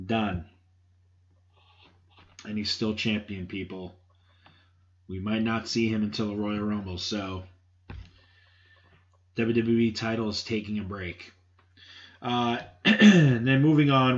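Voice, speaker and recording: Blunt, offhand man with a low voice. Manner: blunt, offhand and swears casually. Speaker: podcast host giving wrestling opinions. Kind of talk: casual solo podcast commentary. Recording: dull lo-fi sound.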